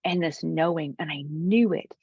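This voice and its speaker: Woman, low-ish voice, earnest storyteller, goes soft and whispery, dry, dull lo-fi sound. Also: normal speed, breathy edge, dry recording. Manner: earnest, drops to soft whispers for quoted moments. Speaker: spiritual mindset coach, guest. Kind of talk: heartfelt interview storytelling.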